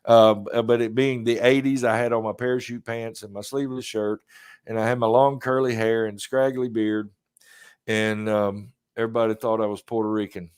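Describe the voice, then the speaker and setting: A man's voice: on the low side, flat delivery, moderate pace, a little mellow, clean tone, no room sound, studio quality. A man in his fifties with a Southern US accent, hosting a podcast in a rambling, laid-back way and chuckling often. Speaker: podcast host. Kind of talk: casual chat.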